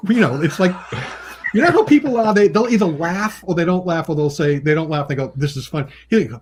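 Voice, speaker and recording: Talking fast and animatedly, this comic book writer and artist shares stories as a guest, his voice a little mellow. He laughs frequently between remarks and imitates people he's quoting by jumping his pitch, keeping the storytelling casual and chatty.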